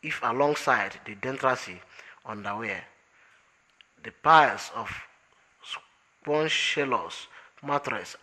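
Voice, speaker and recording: A man reading an audiobook aloud as narrator in a measured, unhurried way. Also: mid-range voice, sharp tone, poor audio.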